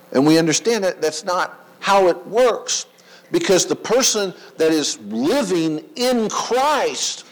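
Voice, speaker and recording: A man preaching a sermon, emphatic, with dramatic pauses and rhetorical questions. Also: a little high, rough recording. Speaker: pastor.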